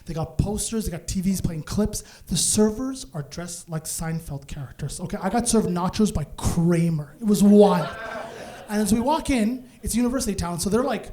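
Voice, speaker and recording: Male comedian from Canada, high voice, animated storytelling, laughs through punchlines, stage mic in a club. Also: normal speed. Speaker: stand-up comedian. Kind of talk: stand-up storytelling.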